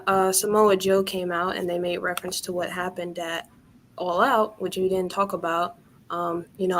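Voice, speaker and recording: A woman co-hosting a wrestling review show in casual chat, telling stories in a lively way and laughing often. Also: on the low side, a little hiss or hum. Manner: lively, laughing, quick storyteller.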